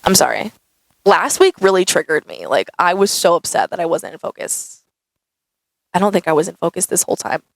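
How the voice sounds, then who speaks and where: A woman's voice: lowish voice, a little fast, vocal fry, no echo, low-quality recording. A young woman answering viewer questions in a casual, chatty vlog, saying "like" a lot. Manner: chatty, says "like" often, animated. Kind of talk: casual Q&A chat. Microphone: camera mic.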